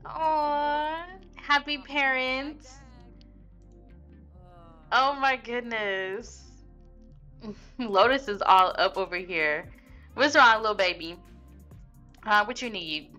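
A woman's voice: mid-range voice, takes it slowly, long pauses, sharp tone, highs cut off, soft background music. A young woman casually commenting on her life-sim gameplay, chatty and slangy, laughing at what her characters do. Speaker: Sims let's play host.

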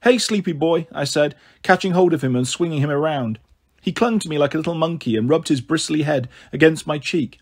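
A man reading a children's novel aloud as a storyteller, in an expressive, sing-song way. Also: on the high side, brisk.

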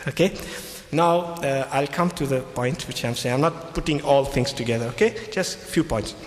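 A man lectures as a Christian speaker in an echoey hall with faint ambience, his voice medium in pitch and his speed normal. He retells scripture, repeats his key phrases, and speaks English with non-native phrasing.

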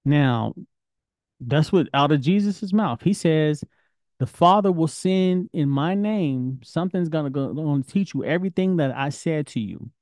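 A man's voice: on the high side, animated, measured pace, darkish tone, dry recording, studio quality. A man teaching an informal Bible study lesson, talking in a conversational, questioning way. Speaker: Torah teacher.

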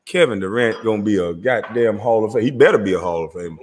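A man with a Southern US accent hosting his own show in a loud, animated, profane rant, often laughing as he talks. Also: lowish voice, fast, big-room sound. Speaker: show host.

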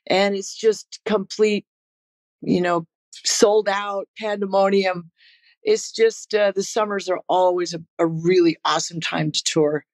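A relaxed woman in her sixties tells road and family stories in a loose, unhurried way. She laughs easily and often circles back with "you know" and quick restarts. Her voice sits at an ordinary middle pitch for a woman. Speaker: guest musician. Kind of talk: casual interview storytelling.

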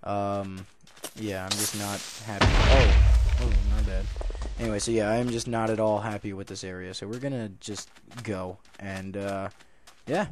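A young man giving casual commentary while he plays a video game. He goes from low muttering to loud, excited outbursts and then back to chatting. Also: measured pace, background noise. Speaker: gaming YouTuber.

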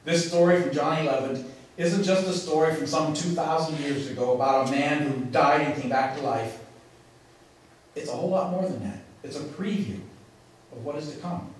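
Preaching man, echoey and distant. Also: a little high. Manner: emphatic preaching with dramatic pauses. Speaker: pastor. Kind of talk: sermon. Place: church sanctuary. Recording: echoey, from far off in a large room.

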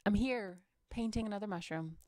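A woman's voice: mid-range voice, moderate pace, a little mellow, no room sound. A young woman chatting in a rambling, playful, self-deprecating way while she paints. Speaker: vlogger painting watercolors. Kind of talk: rambling casual chat.

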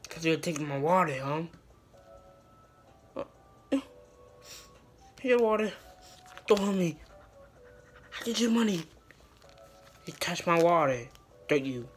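A woman's voice: on the low side, animated, slow pace, long pauses, faint music behind. A woman performing a brash, profane comedy skit, switching between characters.

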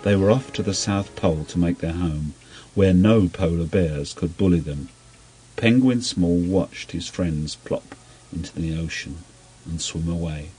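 A man gently reading a children's story aloud in an unhurried storybook manner. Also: sits low, breathy edge, soft background music, low-quality recording.

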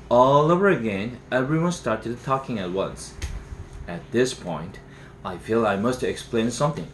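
A man, native Korean speaker and English teacher, reading a novel aloud in a steady storybook manner. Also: mid-range voice, moderate pace. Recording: roomy room echo, faint hiss.

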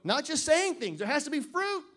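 With a very high voice and big swings in pitch, a male pastor preaches at a church service. Loud, emphatic declarations alternate with quiet joking asides, and he reads scripture in a slow, deliberate way.

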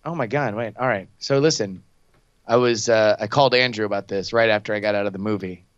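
A man hosting a casual podcast chat, animated and joking, swearing freely. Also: on the low side, fairly quick, dry recording, lo-fi sound. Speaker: podcast host.

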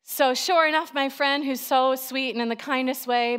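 A woman in her thirties, a pastor, preaching a sermon in a chatty, animated storytelling way with lots of fillers. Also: high voice, moderate pace, clear, resonant tone.

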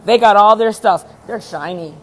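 A woman's voice: mid-range voice, moderate pace, a little hiss or hum. A woman hosting a casual live chat with viewers, talking in a blunt, emphatic way and swearing freely. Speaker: event host and speaker.

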